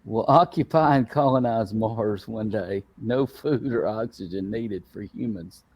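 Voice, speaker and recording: A man's voice: on the low side, measured pace, a little mellow, slightly rough. A man putting on an exaggerated Australian accent to read a listener comment. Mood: jokey. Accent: put-on Australian.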